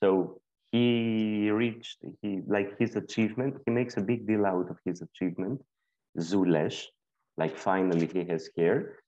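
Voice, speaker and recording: A man's voice: lowish voice, steady tone, unhurried, warm tone, lo-fi sound. A man from southern Albania explaining proverb meanings in a casual group discussion, hesitant with many fillers. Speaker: panelist.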